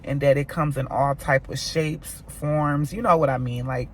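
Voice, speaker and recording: An American woman vlogging, telling a personal story to her viewers in an animated, emphatic way. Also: extremely low pitch, normal speed, a little hiss or hum. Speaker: mom vlogger. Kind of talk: storytime vlog.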